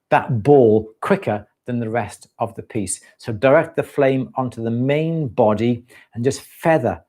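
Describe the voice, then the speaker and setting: A man hosting a live stream, answering viewers' questions with relaxed, practical explanations and frequent fillers. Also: medium pitch. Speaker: jewellery-making host answering questions.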